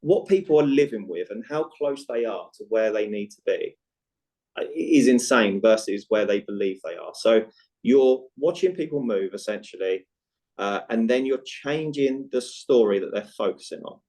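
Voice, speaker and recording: Animated man telling a client story. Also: fairly low pitch, moderate pace, low-quality recording. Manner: animated, repeats "right?" to check in, acts out dialogue. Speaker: guest, movement coach for chronic pain. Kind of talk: conversational podcast storytelling.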